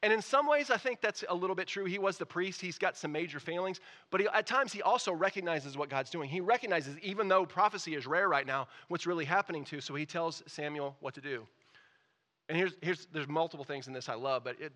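A man preaching a sermon as pastor, reading scripture and explaining it, moving between quiet asides and loud emphatic peaks. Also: fairly high pitch, a little fast.

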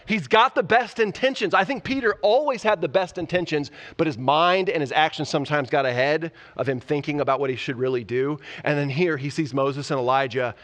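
A pastor preaching a sermon, enthusiastic and conversational, often asking the audience rhetorical questions. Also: male voice, fairly high pitch, a bit bright. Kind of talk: sermon, Bible teaching.

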